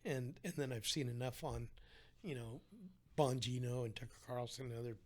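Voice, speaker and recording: A man's voice: mid-range voice, fairly even intonation, normal speed. A man talking as a podcast guest, telling his story in an earnest, heartfelt way with frequent restarts. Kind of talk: candid conversational storytelling.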